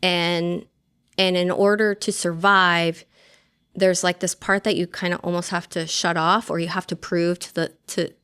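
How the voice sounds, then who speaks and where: A woman Army veteran speaks as a podcast guest, telling her own story in a candid, conversational way. Her voice is smooth and resonant and sits a little low. She talks loosely, with many fillers and the occasional curse. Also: flat delivery, measured pace, a bit bright. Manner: frank and talkative, with frequent fillers and casual swearing.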